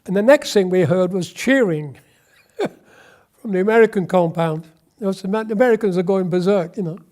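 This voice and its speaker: High-voiced elderly man reminiscing. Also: moderate pace, a little mellow. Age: 80s. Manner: wry, anecdotal storytelling. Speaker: war veteran interviewee. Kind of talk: oral history interview.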